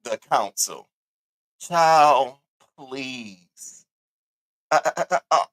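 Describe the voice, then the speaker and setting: A man hosting a casual live commentary stream, talking in an animated, sassy and profane way, repeating catchphrases and swinging his voice up high for emphasis. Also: drawn-out words. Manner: animated, sassy and profane, with big swoops in pitch. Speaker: livestream host.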